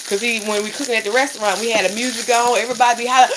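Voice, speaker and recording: A woman's voice: fairly high pitch, fairly even intonation, very fast, few pauses. A woman chatting playfully to her viewers while she cooks breakfast, in a goofy, talkative way. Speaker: home cook vlogger. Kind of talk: casual cooking chat to viewers. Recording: sizzling cooking noise behind.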